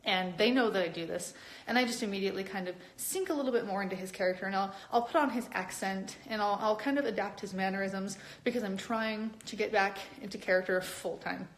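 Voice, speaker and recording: Young woman doing a casual live stream, chatty and bouncy, pitch jumping up a lot. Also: quick pace. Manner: chatty and animated, with many upward pitch jumps. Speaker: cosplayer hosting a live stream. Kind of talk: casual live-stream chat reading viewer comments.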